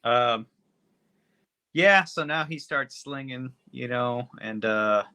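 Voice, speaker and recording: A man's voice: mid-range voice, slow, sharp tone, smooth. A man co-hosting a podcast, recapping a movie plot in a laid-back, casual way. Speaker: podcast co-host. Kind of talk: casual movie review chat.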